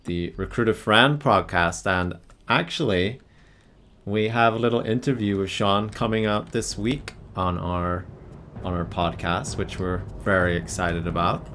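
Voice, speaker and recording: A man's voice: sits low, fairly even intonation, a little slow, a bit bright. A man hosting a live game stream, chatting casually and joking around with his co-player. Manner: playful and joking. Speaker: podcast host. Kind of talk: casual gaming stream chat.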